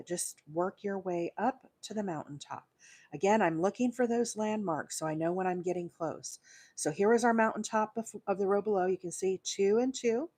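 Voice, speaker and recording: A woman's voice: lowish voice, a little mellow. A woman from Alabama, patiently talking viewers through a crochet pattern step by step on a live stream. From Alabama, USA. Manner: patient step-by-step instruction, counting stitches aloud, frequent fillers. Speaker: crochet livestream host.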